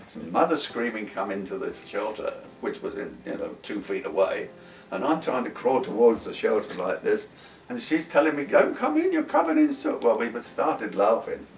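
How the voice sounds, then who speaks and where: An older man in his eighties with a low voice, spinning a wartime memory with lively asides and folksy grammar. He sits away from the microphone in a roomy space, with faint guitar music underneath. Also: distant mic. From London, England. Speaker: interviewee, wartime veteran. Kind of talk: casual spoken recollection.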